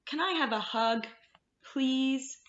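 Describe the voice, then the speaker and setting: A woman's voice: sits high, takes it slowly, a bit bright, roomy sound, lo-fi sound, voice pushed up. A woman voicing a sulky, pleading young male dragon in a picture book.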